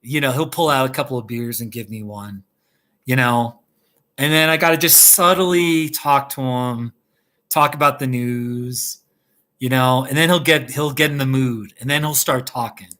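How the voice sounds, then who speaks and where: Chatty man, bright voice. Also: mid-range voice, moderate pace. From United States. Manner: rambling, chatty, laughs often. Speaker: YouTube host. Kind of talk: casual live-stream chat. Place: home kitchen.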